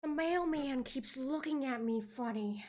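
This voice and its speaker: A woman putting on a languid, daydreaming lady who stretches every word into a lazy, breathy drawl. The voice sits a touch higher than a plain speaking voice and drifts along at an unhurried pace. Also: a little mellow. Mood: dreamy.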